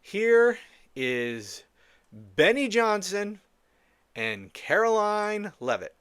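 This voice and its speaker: A man's voice: sits high, very animated, extremely slow, fairly bright tone, clear, resonant tone, dry recording, studio quality. A man hosting a solo political commentary podcast, blunt, scornful and profane, rambling with frequent restarts. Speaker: podcast host.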